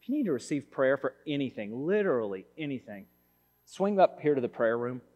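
Pastor preaching in a reverberant hall. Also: male voice, mid-range voice, big pitch swings, a little fast, a little mellow. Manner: conversational, storytelling with many restarts. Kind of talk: sermon. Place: church sanctuary. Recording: long reverb of a large hall.

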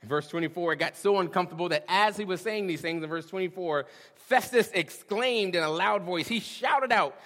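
Male pastor, sermon, fairly high voice, hushed to booming, long hall reverb. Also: brisk, few pauses. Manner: dynamic preaching, swings from hushed to booming, says "y'all".

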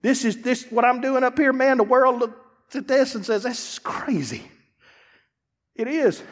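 A man pastor preaching a sermon, dropping to low asides and rising to shouts, acting out church members. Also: measured pace. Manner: acts out church members in quoted voices. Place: church sanctuary. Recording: long hall reverb.

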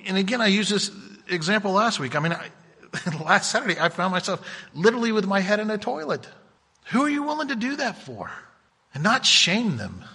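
Earnest high-voiced preaching man. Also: sharp tone, breathy edge, big-room sound. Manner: earnest, emphatic preaching with repeated restarts. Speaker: pastor. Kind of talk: sermon.

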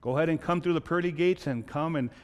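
A man voicing a calm, kindly gatekeeper of heaven who speaks in a measured, hushed way. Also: a little high, big-room sound, lightly acted.

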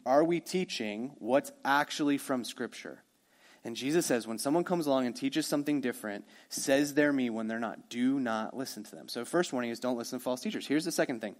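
A male pastor preaching a sermon in a conversational way, swinging from emphatic lines to hushed ones. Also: medium pitch, fairly quick.

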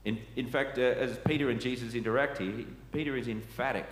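A man's voice: medium pitch, fairly even intonation, fast. A man preaching a sermon, earnest and asking his listeners questions. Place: church. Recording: echoey church hall, faint ambient noise.

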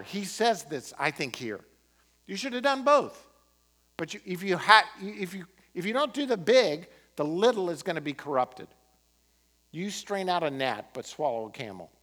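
A man preaching a sermon as pastor, impassioned, swinging from emphatic peaks to quiet, earnest moments. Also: a little high. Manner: impassioned, rising to emphatic peaks then dropping to quiet prayer.

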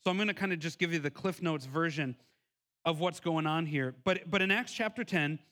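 A man's voice: fairly high pitch, brisk, bright, forceful tone. A man in his thirties preaching a sermon, telling a personal story earnestly with many restarts. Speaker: pastor.

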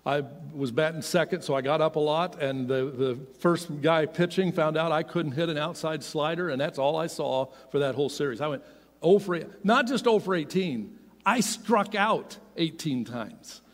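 Middle-aged preacher guy telling his story, big swings loud to quiet, echoey church hall. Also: on the high side, moderate pace. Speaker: pastor. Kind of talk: sermon storytelling. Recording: long hall reverb.

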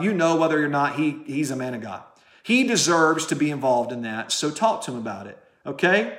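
A man's voice: fairly high pitch, animated, brisk, fairly bright tone, roomy sound. A man preaching a sermon straight to camera, passionate and direct, firing rhetorical questions at the listener. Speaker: pastor.

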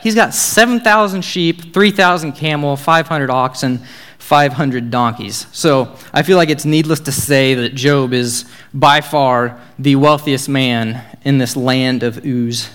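A man's voice: mid-range voice, a bit bright. A young man, giving a casual, joking Bible talk as a youth speaker. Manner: casual, joking, upbeat storytelling.

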